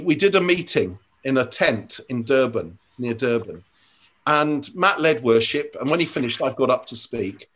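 An older man speaks in an ordinary, mid-pitched voice, earnest and reflective. He is a church leader chatting in an interview. He often hesitates and restarts his sentences as he thinks. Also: fairly bright tone, husky. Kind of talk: conversational interview storytelling.

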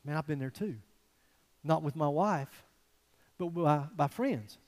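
A man preaching a sermon as a pastor, swinging from quiet, low passages to loud, emphatic ones. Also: measured pace, long pauses, long reverb tail.

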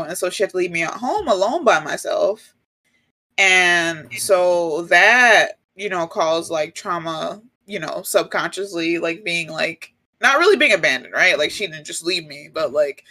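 A woman's voice: fairly low pitch, pushed and bright. A woman in casual chat who talks reflectively, wanders into tangents and leans on "like" and "you know.".

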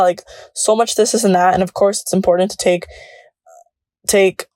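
A woman's voice: medium pitch, steady tone, normal speed, darkish tone, no room sound, clean studio sound. A woman in her early twenties hosting a solo podcast, chatting in a bubbly way, laughing often and slipping between English and Spanish. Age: early 20s. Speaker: podcast host.

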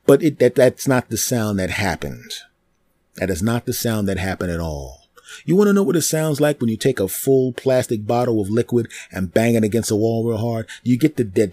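A man hosting a comedy podcast, telling a story in an animated, repetitive way with mouth sound effects. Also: fairly low pitch, fairly quick, husky, dry recording. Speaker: podcast host.

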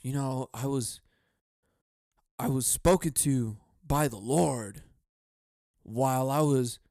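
A man's voice: medium pitch, slow, dark tone, no room sound, clean studio sound. A man mimicking a grandiose billionaire celebrity. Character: self-important male billionaire celebrity, grandiose.

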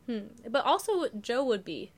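A woman's voice: fairly high pitch, very animated, unhurried. A young woman chatting as a podcast guest, giggling often, nervous and swearing freely. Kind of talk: casual chat.

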